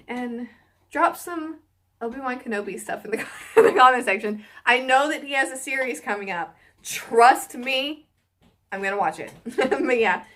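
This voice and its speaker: Young woman vlogger, slightly high voice, gushing and excitable, casual fan chat to camera. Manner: gushing and excitable, lots of fillers. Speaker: YouTuber reacting to a film series.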